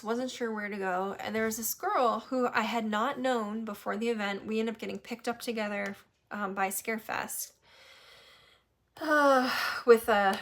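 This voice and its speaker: A woman from New Hampshire telling a story in casual chat, animated and swearing, laughing often. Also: on the high side. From New Hampshire, USA. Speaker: podcast host.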